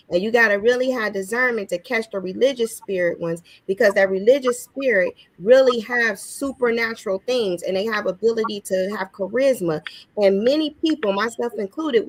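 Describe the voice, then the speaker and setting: A woman's voice: mid-range voice, moderate pace, dry recording. A woman talking casually as a guest, emphatic and testifying. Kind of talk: casual talk.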